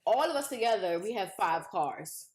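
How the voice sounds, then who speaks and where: Lively woman in a roomy echo. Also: mid-range voice, normal speed. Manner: conversational, tells family anecdotes, quotes her mother. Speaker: podcast co-host. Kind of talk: casual chat.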